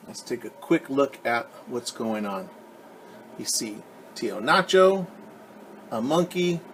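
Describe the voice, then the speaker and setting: A man's voice: fairly high pitch, a bit bright, slight background noise. A male teacher reading a children's story aloud, speaking patiently to young listeners. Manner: slow, patient, addresses children directly.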